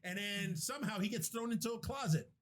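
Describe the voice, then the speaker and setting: This high-pitched, fast-talking man hosts a podcast and recounts a movie's plot casually. His storytelling wanders, includes profanity, and keeps restarting.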